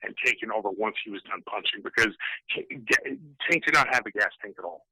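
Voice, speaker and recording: A man's voice: lowish voice, wildly swooping pitch, fast talker, vocal fry, pushed and bright, husky, dry recording, low-quality recording. A middle-aged man, a guest on a podcast, talking heatedly and profanely with many restarts. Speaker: guest, retired fighter. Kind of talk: podcast interview.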